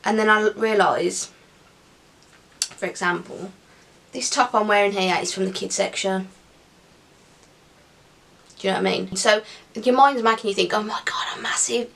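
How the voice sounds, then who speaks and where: A woman's voice: medium pitch, a little slow, creaky, pauses often, fairly bright tone. A young woman chatting casually to camera in an upbeat Q&A vlog, with giggly asides. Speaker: vlogger.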